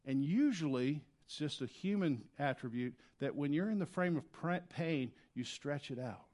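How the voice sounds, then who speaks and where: A man preaching a sermon in a church, his voice sitting a little high for a man. He talks earnestly and conversationally, dropping to quiet, low stretches and then rising loud when he acts out desperate prayers. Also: animated, normal speed. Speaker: pastor.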